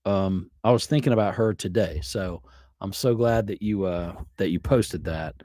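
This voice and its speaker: His low, warm voice moves at a normal speed with no room sound. A middle-aged man running a live music stream from his home studio, he chats in an easygoing, rambling way, frequently letting sentences trail off with fillers.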